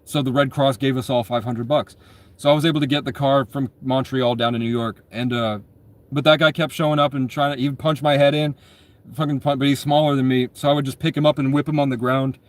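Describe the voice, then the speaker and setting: A man's voice: medium pitch, steady tone, a little fast. Rambling, profane young man telling stories. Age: 20s. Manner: rambling, profane, frequent self-corrections. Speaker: storyteller. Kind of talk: casual personal storytelling.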